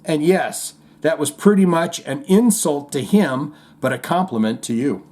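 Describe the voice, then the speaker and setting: A man's voice: on the high side, a little slow. A man hosting a casual comedy podcast, reading listener comments and jokes aloud with playful asides. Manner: animated, jokey, puts on voices when reading comments.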